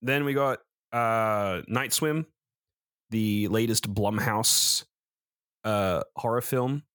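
A man's voice: fairly low pitch, slow, fairly bright tone, dry recording, studio quality, soft background music. A man co-hosting a podcast, reviewing films in a rambling casual chat, correcting himself and swearing freely. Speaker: podcast co-host, film reviewer.

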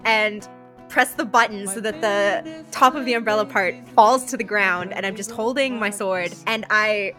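A woman playing a tabletop game, bubbly and quick, laughing often. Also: mid-range voice, bright, forceful tone, faint music behind. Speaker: player.

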